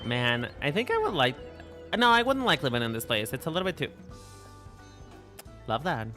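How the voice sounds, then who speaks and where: A man's voice: fairly high pitch, wildly swooping pitch, moderate pace, bright, forceful tone. A man from Mexico, a streamer, chatting casually while playing, joking and correcting himself a lot. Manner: rambling, self-correcting, joking. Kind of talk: casual game commentary. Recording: faint background music.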